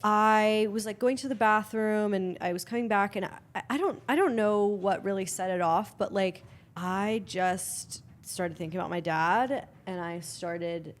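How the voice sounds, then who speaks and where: A woman's voice: medium pitch, measured pace. A woman telling a story in casual podcast chat, with many restarts and free swearing. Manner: swears freely. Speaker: guest.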